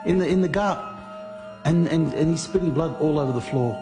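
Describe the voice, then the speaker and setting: A man's voice: on the high side, over music. Man telling his story, restarting often. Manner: acts out others' lines, halting restarts. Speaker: interviewee recounting being scammed. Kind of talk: animated storytelling interview.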